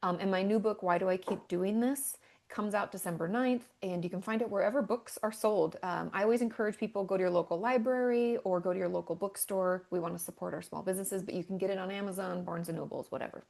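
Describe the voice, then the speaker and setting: A woman's voice: mid-range voice, fast talker, gravelly, a little mellow. A woman therapist talking candidly in a casual podcast chat, full of filler words. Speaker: therapist guest.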